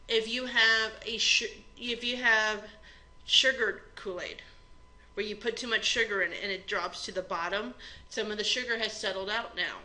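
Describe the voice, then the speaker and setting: Pushed and bright at medium pitch, a woman's voice comes across in poor audio. She's a chemistry instructor whose recorded exam review lecture proceeds step by step in plain, conversational language.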